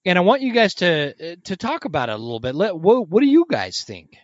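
A man's voice: sits high, wildly swooping pitch, a little fast, no echo. A man hosting a podcast, asking rambling, casual questions with some profanity. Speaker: podcast host. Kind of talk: casual chat. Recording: dull lo-fi audio.

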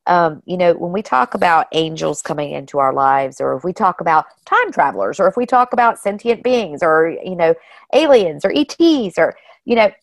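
A woman guest telling personal stories in a casual, animated way, often saying "you know" and "like". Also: lowish voice, a little fast, creaky, hardly any pauses, no echo. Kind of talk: casual storytelling.

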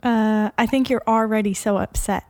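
A woman's voice: on the high side, fairly even intonation, normal speed, darkish tone, dry recording. A woman co-hosting a podcast, laid-back, laughing easily and swearing casually. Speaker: podcast co-host.

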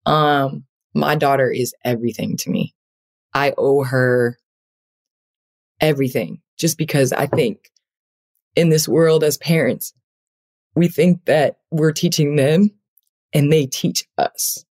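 A woman's voice: sits low, slow, long pauses, darkish tone. A woman talking as an interview guest, a basketball player speaking earnestly and reflectively with many fillers. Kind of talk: heartfelt conversational interview.

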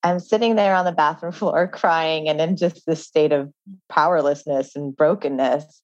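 A woman's voice: low-pitched, moderate pace, a little mellow, dry recording, dull audio. A woman author, a guest in an interview, telling her story earnestly with many "like" fillers. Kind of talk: interview conversation.

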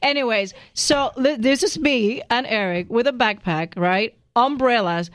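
A young woman co-hosts a casual podcast chat with her partner, speaking English as a second language in a fairly bright voice on the high side. She's playful and dramatic, telling stories and laughing readily. There's no room sound.

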